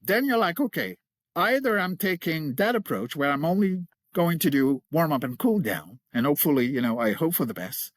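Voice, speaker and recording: A middle-aged male creature voice coach, appearing as an interview guest, explains technique with easygoing enthusiasm and laughs readily. His slightly high voice is sing-song, swinging widely in pitch at a normal speed. The recording is close and dry, free of room echo.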